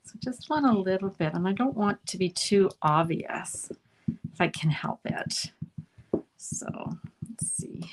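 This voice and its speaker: A woman's voice: medium pitch, expressive, unhurried, noisy background. A middle-aged Canadian woman chatting through a live card-making demo, narrating each step and often asking "right?". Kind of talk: live online crafting demo.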